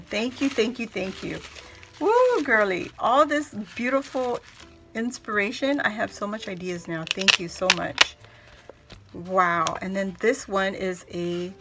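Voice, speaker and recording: A woman hosts a casual crafting vlog, gushing over a handmade gift and squealing with delight at the details. She talks to her viewers in an easy, unhurried way, her voice at a middle pitch. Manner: gushing, excitable, squeals and laughs often; addresses viewers as "guys". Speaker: crafting video host.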